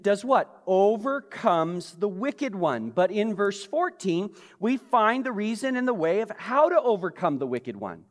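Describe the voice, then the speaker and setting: High-voiced preacher in an echoing hall. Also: male voice. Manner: impassioned, dropping to hushed intensity. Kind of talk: sermon. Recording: long reverb of a large hall.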